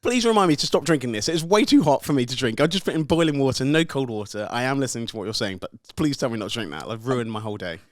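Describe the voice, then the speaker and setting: A man's voice: medium pitch, lively intonation, quick pace, few pauses, no room sound, clean studio sound. A man co-hosting a casual podcast chat, joking and rambling with lots of fillers. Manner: chatty and jokey, many fillers. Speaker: podcast co-host. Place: podcast studio.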